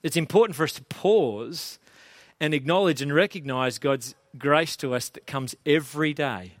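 A man's voice: fairly high pitch, normal speed, no echo. A middle-aged man, preaching a sermon in a casual, chatty, self-deprecating way. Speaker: pastor.

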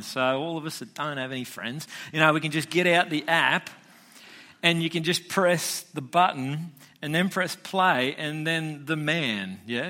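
A man's voice: fairly high pitch, pushed and bright. A man preaching a casual, chatty sermon as a pastor, joking with listeners and restarting phrases often.

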